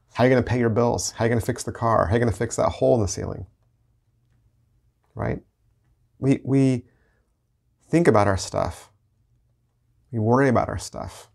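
A man with a gravelly, creaky voice, leading an online Bible study as pastor. He reads scripture in a slow, deliberate way, then talks it through casually, repeating phrases as he goes. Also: mid-range voice, darkish tone. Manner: reads scripture slowly, then explains in a conversational, repetitive way.

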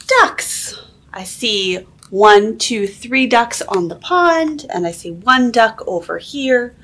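A woman's voice: a little high, expressive, slow pace, hardly any pauses, a bit bright, slight background noise. A woman librarian reading a picture book aloud at a toddler story time, sing-song and asking the children questions.

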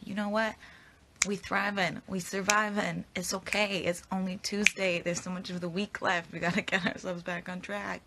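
A woman's voice: fairly low pitch, creaky, pushed and bright, a little hiss or hum. A young woman chatting casually on a phone livestream, tired but upbeat, answering viewer comments. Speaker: actress on a livestream.

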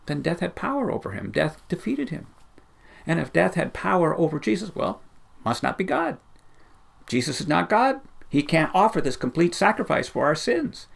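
A man preaching a sermon with passion, building his points in repeated rising chains. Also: mid-range voice. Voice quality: gravelly. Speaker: pastor.

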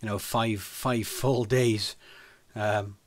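Chatty man with a low voice. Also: steady tone, slow pace. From United Kingdom. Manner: chatty, laughs often, repeats words while thinking. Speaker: podcast co-host. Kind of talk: casual chat.

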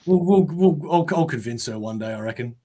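A man's voice: mid-range voice, expressive, fairly quick, mellow. A man hosting an interview show, asking rambling, friendly questions with restarts. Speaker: podcast host. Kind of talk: casual interview chat.

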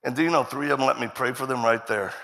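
Animated man preaching in a reverberant hall. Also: mid-range voice, fast talker, gravelly, heavy background noise. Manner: animated storyteller acting out dialogue, laughing often. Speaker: guest preacher. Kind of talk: storytelling sermon.

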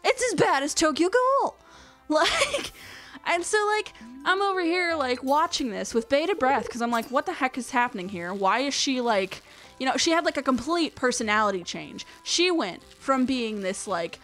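A woman hosting a let's-play, chatting casually as she plays. She rambles and gushes, packing her talk with "like," in a voice pitched a little high. Soft game music plays quietly underneath. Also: very animated, normal speed. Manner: gushing, rambling storyteller with lots of "like". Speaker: let's-play gamer host.

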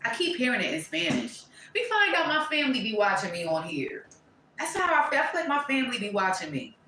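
A woman reading tarot to camera, blunt and profane, breaking into loud exclamations and dropping to quieter asides. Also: a little high, very animated, fast, echoey room, slight background noise, low-quality recording. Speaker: tarot reader.

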